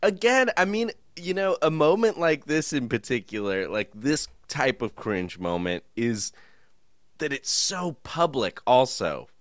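A man co-hosting a podcast, talking casually in a halting way, searching for words and repeating himself. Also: mid-range voice, sing-song, a bit bright, no echo, studio quality. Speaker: podcast co-host. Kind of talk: casual chat.

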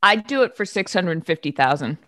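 A woman's voice: on the low side, expressive, brisk, a bit bright, dry recording, clean studio sound. A woman guest on a podcast game show, chatty and given to telling little stories. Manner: chatty, storytelling. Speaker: guest, sports media host. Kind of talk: casual podcast chat.

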